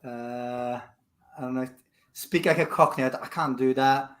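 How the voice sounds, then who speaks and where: A man on a headset making sales calls and joking with a co-host, quick and self-mocking. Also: medium pitch, steady tone, a bit bright. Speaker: sales trainer cold calling on a stream. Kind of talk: casual banter and sales calls.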